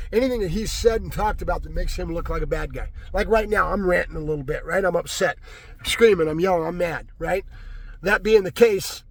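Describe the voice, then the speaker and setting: A man's voice: high voice, a little hiss or hum. A man ranting angrily to his viewers in a political vlog, agitated and repetitive, tagging his points with "right?". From California. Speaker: vlogger. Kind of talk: angry political rant to camera.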